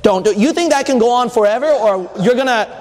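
A man's voice: extremely high pitch, expressive, fairly quick, a little mellow, in a large hall. A man preaching a sermon, reading scripture aloud and asking his listeners questions in a conversational way.

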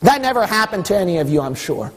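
A male pastor preaching a sermon in a church, emphatic and repetitive, rising at times to a shout. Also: high voice, very animated, fast talker. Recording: long hall reverb.

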